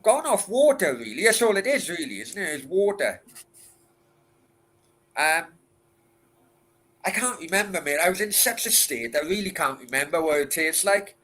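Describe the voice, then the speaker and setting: Bright-toned man, crude rambling. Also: on the high side, very animated, normal speed, long pauses. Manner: rambling, crude and swearing, with laughter and filler restarts. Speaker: livestream host answering chat. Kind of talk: casual late-night Q and A chat.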